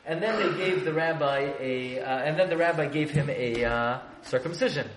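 A man telling a story to a class, lively and joking with his listeners in a room with an audience. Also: fairly high pitch, fairly quick, few pauses. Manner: animated, joking asides with the audience. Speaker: religious teacher. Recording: echoey room, faint background noise.

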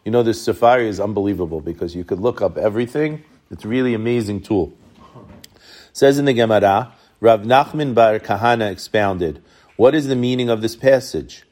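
A man's voice: lowish voice, a little fast, darkish tone. A middle-aged man from Brooklyn giving a Torah talk to a congregation, reading Hebrew and Aramaic passages and explaining them in a conversational way. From Brooklyn, New York. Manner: retells midrash in Hebrew then English, conversational.

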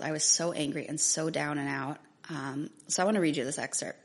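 Speaking a little fast with few pauses, this woman has a low voice and fairly even intonation. In her thirties, she is an author giving earnest personal testimony about her own life and reading aloud from her book.

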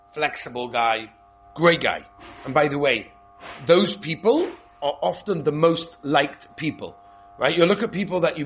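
A man with Yeshivish English, teaching an informal Torah class, lively and repetitive, checking in with "okay?" often. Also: a little high. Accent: Yeshivish English with Hebrew and Yiddish terms. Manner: lively, repeats points, frequent "okay?" checks.

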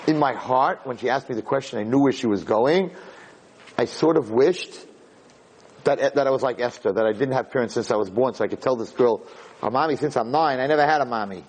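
A man giving a sermon as a rabbi, telling a story in a lively way that builds to emphatic points. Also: medium pitch, fairly quick, breathy edge, low-quality recording. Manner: animated storytelling, rising to emphatic peaks.

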